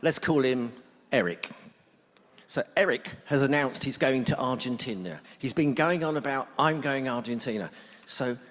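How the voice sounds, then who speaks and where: A middle-aged man speaking to a workshop audience, a blunt and joking storyteller. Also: medium pitch. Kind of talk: humorous talk to an audience. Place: conference hall. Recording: long hall reverb.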